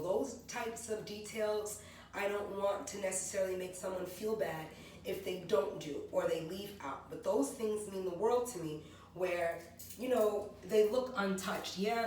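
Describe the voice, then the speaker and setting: Her voice is mid-range and a little mellow as the woman, in her forties, gives a relaxed vlog tour of her natural hair and skin products and wanders through their ingredients. She sounds far away in a very echoey room, over a faint hum.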